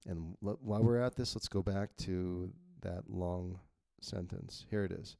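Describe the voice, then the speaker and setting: Gravelly low-voiced man thinking aloud. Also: fairly even intonation, a little slow, mellow, dry recording, clean studio sound. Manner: thinking aloud, blunt and self-critical; reads his draft dialogue aloud to test it. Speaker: novelist editing his own manuscript. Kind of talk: casual screen-recorded editing walkthrough.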